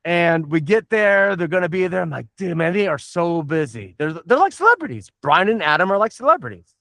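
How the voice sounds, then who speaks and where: High-voiced rambling, profane middle-aged man. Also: big pitch swings, a little fast, vocal fry, bright, forceful tone, dry recording, clean studio sound. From Southern United States. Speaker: podcast host. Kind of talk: casual podcast chat.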